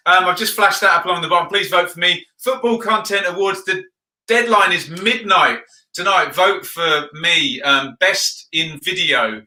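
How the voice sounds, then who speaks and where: A man chats through football news and viewer comments in a loose, rambling way, filling his pauses with ums. His voice sits a bit high for a man. The room around him rings with a noticeable echo. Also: bright, forceful tone. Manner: chatty, rambling, frequent ums. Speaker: football video host. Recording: roomy echo.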